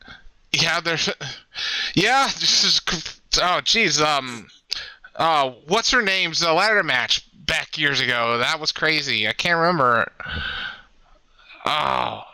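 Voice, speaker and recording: A man co-hosts a casual wrestling podcast. He laughs easily and trails off while he hunts for names. His voice is very bright, sharp and smooth, and it sounds dry and close to the mic. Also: fairly high pitch, expressive, takes it slowly, pauses often, dry recording, low-quality recording. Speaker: podcast co-host. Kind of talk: casual chat about wrestling.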